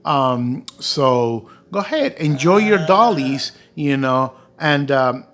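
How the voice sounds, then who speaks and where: A man voicing a calm, kindly adult male friend who talks in gentle, hesitant reassurances. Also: mid-range voice, slow. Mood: reassuring.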